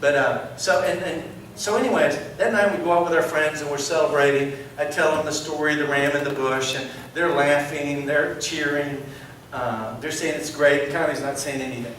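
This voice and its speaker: A man telling a lively story as a sermon, acting out the voices of the people in it. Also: fairly high pitch, moderate pace, hardly any pauses, distant mic, a little hiss or hum. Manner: animated storyteller, acts out quotes. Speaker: preacher giving a testimony. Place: large church sanctuary. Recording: echoey hall, heard from afar.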